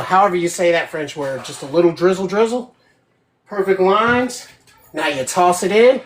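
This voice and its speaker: A woman's voice: on the low side, a little hiss or hum. Chatty woman hosting a home cooking demo. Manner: chatty, keeps checking in with 'right?'. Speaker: host of a home cooking show. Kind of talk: casual live cooking demo. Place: home kitchen.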